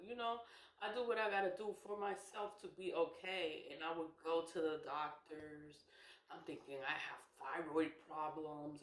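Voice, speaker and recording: Echoey woman in her forties, lively chat. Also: low-pitched. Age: 40s. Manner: conversational, laughs often, emphatic. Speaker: spiritual vlogger. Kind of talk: casual monologue. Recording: echoey room.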